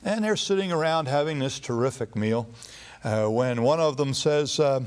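A man preaching a sermon in a relaxed, conversational storytelling way, with occasional fillers. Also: mid-range voice, normal speed, clear, resonant tone.

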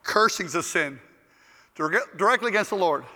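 A male preacher with a high, bright voice delivers a storytelling sermon at normal speed, animated and joking as he acts out the people in his tales. A long, echoing hall reverb fills the recording.

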